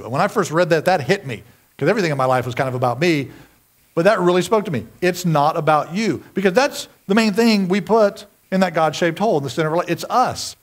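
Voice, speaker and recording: High-voiced pastor preaching. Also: male voice. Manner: animated, self-mocking storytelling with sudden shouted outbursts. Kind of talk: sermon.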